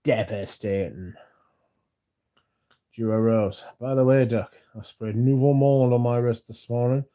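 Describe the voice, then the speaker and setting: A man's voice: mid-range voice, steady tone, normal speed, hardly any pauses, warm tone, clean tone. A man hosting a casual livestream, rambling through stories and reading out viewer comments to answer them, swearing now and then. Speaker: livestream host.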